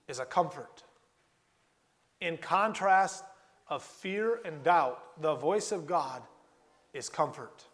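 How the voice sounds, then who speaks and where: A man preaching a sermon, earnest and repetitive, slowing down and repeating key phrases for emphasis. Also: on the high side, animated, a bit bright.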